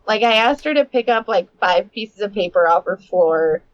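A woman's voice: fairly high pitch, animated, moderate pace, few pauses, dull audio. A woman in her thirties, co-hosting a casual chat, telling candid parenting stories and swearing freely. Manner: candid storytelling, swears and laughs often. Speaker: podcast co-host.

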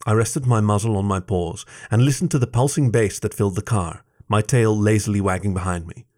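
A man reading a first-person story aloud with expressive narration. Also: lowish voice, fairly quick.

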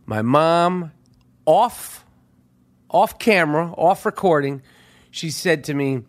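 A middle-aged man with a slightly higher-than-average voice tells a story on his own podcast. He swears constantly and bursts loud, then drops to muttered asides. It is a casual, unscripted monologue. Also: slow pace. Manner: animated, swears constantly, swings from loud outbursts to hushed asides. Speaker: podcast host.

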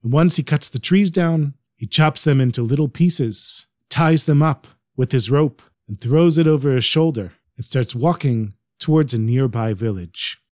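A man narrating a religious story in an animated, expressive way. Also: mid-range voice, moderate pace, hardly any pauses, noisy background.

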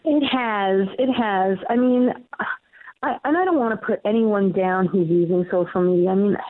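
A comedian and show host with a Queens, New York accent chats animatedly during an interview from home, using lots of fillers. Her voice is medium-pitched at a normal speed, heard over a tinny, phone-like, dry line with no echo.

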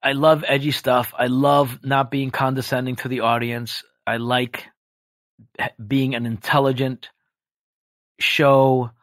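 A man chatting as a podcast guest, animated and jokey, slipping into quick impressions. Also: mid-range voice, dry recording. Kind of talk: casual podcast chat.

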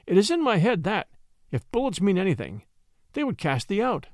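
A man doing a calm old wolf. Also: high voice, dry recording, studio quality. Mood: composed. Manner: measured, composed. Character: old grey lone wolf, calm and composed.

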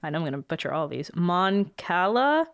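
A woman's voice: fairly low pitch, very animated, normal speed, smooth, dry recording. A young adult woman co-hosting a casual quiz video, dry and matter-of-fact. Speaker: YouTube co-host. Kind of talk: casual chat while taking a quiz.

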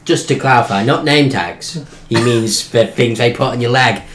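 A man's voice: mid-range voice, normal speed, fairly bright tone. A man co-hosting a podcast in casual chat, teasing his friend and laughing often. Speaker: podcast co-host. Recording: echoey room with faint noise.

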